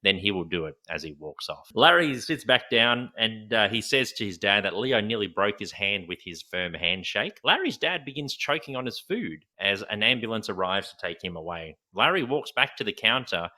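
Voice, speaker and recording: A man's voice: on the low side, sing-song, moderate pace, hardly any pauses, pushed and bright. A man co-hosting a podcast, recapping a TV episode scene by scene in casual chat and laughing often. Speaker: podcast co-host.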